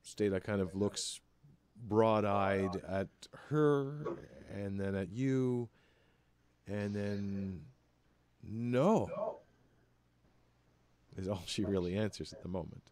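A man narrating as game master of a tabletop game, halting, with many fillers and repeated words. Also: fairly low pitch, a little mellow, a little hiss or hum.

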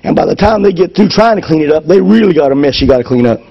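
A man preaching a sermon to his congregation, moving between loud fervor and hushed lines. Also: fairly high pitch, lively intonation, fast, gravelly, husky, lo-fi sound. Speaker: pastor. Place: church service.

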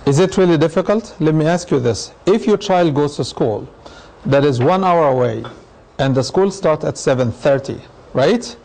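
Middle-aged male imam lecturing, mellow, pitched a bit high. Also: expressive, moderate pace, rough recording. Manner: explanatory, uses anecdotes and acted quotes. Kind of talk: lecture with audience questions.

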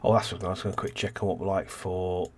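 A man's voice: sits low, level tone, fast, a little hiss or hum. A man casually commentating a city-building game as host, rambling and thinking aloud, tired and yawning. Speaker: let's play host.

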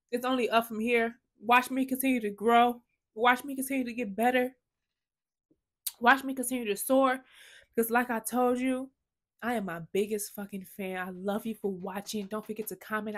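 Woman, casual vlogger, effusive and emotional, swears freely, slightly high-pitched voice. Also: fairly even intonation, brisk. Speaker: sneaker vlogger. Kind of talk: casual vlog to camera.

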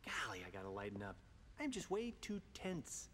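A jokey, easygoing rogue. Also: male voice, mid-range voice, wildly swooping pitch, normal speed, fairly bright tone. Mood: musing. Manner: chatty, self-mocking. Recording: reverby game audio with faint noise.

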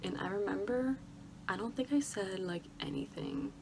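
A woman's voice: mid-range voice, normal speed. Anxious whispering young Michigan woman. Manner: anxious, often hushed to a whisper. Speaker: college student vlogger. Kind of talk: casual vlog chat. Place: her bedroom at home. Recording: steady background noise, lawnmower outside.

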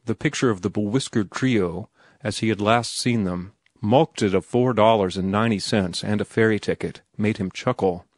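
Low-voiced man narrating an audiobook. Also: normal speed, dry recording, clean studio sound.

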